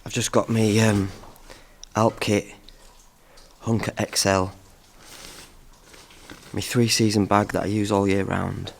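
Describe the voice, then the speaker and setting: A young man vlogging alone in a tunnel at night, talking quietly to his camera and keeping his voice down. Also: lowish voice, level tone, takes it slowly, vocal fry, pauses often, a little hiss or hum. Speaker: outdoor vlogger. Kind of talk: solo camping vlog, talking to camera. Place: inside a disused tunnel at night. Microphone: handheld camera.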